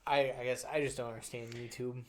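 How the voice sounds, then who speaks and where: A man's voice: mid-range voice, level tone, quick pace. A young man co-hosting a podcast in casual chat, hesitant and skeptical, with dry quips. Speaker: podcast co-host.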